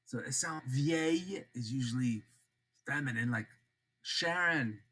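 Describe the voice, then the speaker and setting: An older man teaching a French grammar lesson, slowly repeating example words and dropping in joking asides. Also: mid-range voice, animated, slightly rough. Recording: loud background noise.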